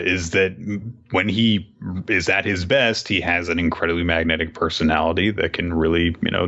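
Podcast co-host, man, animated storyteller, bright tone. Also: low-pitched, dull audio. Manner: animated storytelling, laughs often. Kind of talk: casual chat recapping a comic.

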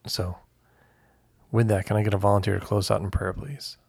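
A man wraps up a Bible study group in a brief, low-key manner. His voice sits low and comes out husky, with a gravelly edge. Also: level tone, a little fast, darkish tone, no room sound, clean studio sound.

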